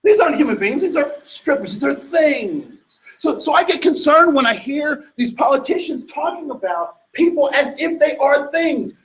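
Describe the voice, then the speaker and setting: A man giving an animated, emphatic sermon-like talk to an audience, full of rhetorical questions and restarts. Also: extremely high pitch, normal speed, few pauses, echoey room, rough recording. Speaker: speaker addressing an audience.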